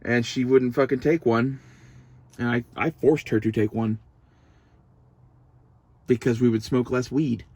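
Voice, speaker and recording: Young guy rambling and swearing a lot, dry close sound, pitch about average. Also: fairly even intonation, a little slow, long pauses, darkish tone, no room sound. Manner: profane, meandering, emotional. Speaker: vlogger. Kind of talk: casual rambling monologue.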